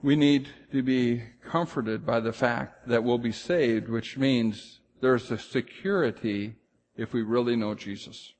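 A pastor preaching a sermon with emphasis, rising loud on key phrases and dropping low and slow to drive points home. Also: male voice, steady tone, big-room sound.

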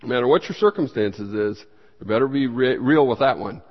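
A man preaching as a pastor, teaching a Bible study with emphatic bursts and questions that he puts to the room and then answers himself. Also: brisk. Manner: emphatic, with sudden rises in pitch and loudness. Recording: dull sound with long hall reverb.

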